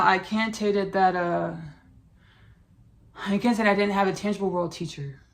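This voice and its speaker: A woman's voice: medium pitch, steady tone, normal speed. A woman hosting a podcast in casual spiritual talk, effusive and rambling, repeating herself and calling listeners "baby" and "y'all". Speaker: podcast host.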